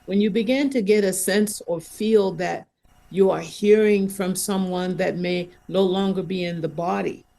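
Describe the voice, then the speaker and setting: Gentle, hesitant woman sharing slowly. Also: mid-range voice, steady tone, vocal fry. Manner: gentle, hesitant, repeats words. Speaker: wisdom circle participant. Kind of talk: sharing a personal spiritual experience.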